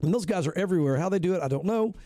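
A man's voice: high voice, animated, very fast, warm tone, dry recording, studio quality. A man, a pastor, talking animatedly and emphatically on a radio show, rambling with restarts. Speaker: pastor, guest commentator. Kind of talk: casual radio talk on prophecy.

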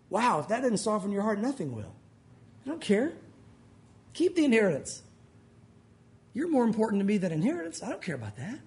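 A male pastor preaching a sermon, animated and folksy, with joking asides to the congregation. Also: very high-pitched, fast.

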